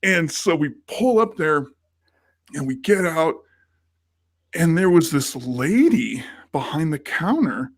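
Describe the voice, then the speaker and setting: A man's voice: fairly high pitch, sing-song, slow, dry recording, clean studio sound. A man co-hosting a podcast in casual chat, telling a rambling story and acting out the quoted lines of the people in it. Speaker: podcast co-host.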